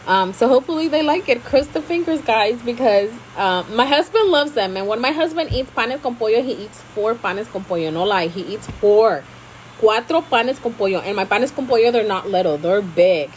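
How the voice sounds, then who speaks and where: A woman's voice: a little high, moderate pace, slight background noise, poor audio. A woman, hosting a casual live stream, chatting expressively and switching freely between Spanish and English. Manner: expressive, laughs often.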